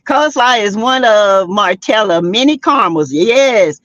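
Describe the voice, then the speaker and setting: An older woman with a Southern US accent hosts a casual gossip livestream, sassy and animated, laughing often and greeting viewers by name. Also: medium pitch, unhurried, few pauses, no room sound. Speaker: host of a celebrity gossip livestream. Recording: dry, dull lo-fi webcam audio.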